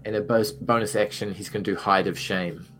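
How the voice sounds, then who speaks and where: Low-voiced playful male player. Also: steady tone, fairly quick, fairly bright tone, a little hiss or hum. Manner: playful, self-deprecating. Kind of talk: casual tabletop play.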